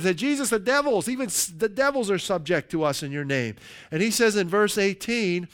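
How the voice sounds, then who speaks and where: A man preaching a sermon, emphatic, slowing down to stress scripture quotes and often asking his listeners "right?". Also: high voice, a bit bright, clean tone. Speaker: pastor.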